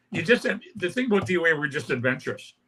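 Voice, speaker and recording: Older man from Canada, bright and forceful voice, loose anecdotal guest. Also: on the high side, big pitch swings, normal speed, breathy edge. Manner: rambling anecdotes with many "right?" tags and acted-out quotes. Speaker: interview guest, punk musician. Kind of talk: casual storytelling interview.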